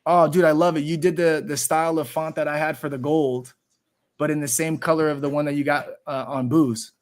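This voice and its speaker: A man's voice: on the high side, flat delivery, a little fast. A man hosting a live poker stream, talking casually with slang and calling people bro. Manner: laid-back, slangy, says bro a lot. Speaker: stream host.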